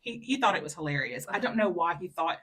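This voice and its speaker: Husky-voiced woman telling a story. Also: quick pace. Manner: animated storytelling with many fillers; acts out quotes in a high, loud voice. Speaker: podcast co-host. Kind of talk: casual chat.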